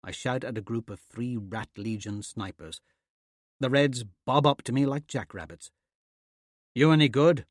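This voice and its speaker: A man narrating a fantasy audiobook in a steady, measured way. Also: medium pitch, no room sound, studio quality. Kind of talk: scripted narration.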